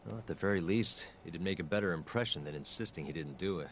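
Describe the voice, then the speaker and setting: A man voicing an earnest lawyer-turned-detective in a video game, speaking in a calm, measured way. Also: low-pitched, a little hiss or hum. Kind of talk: game voice acting.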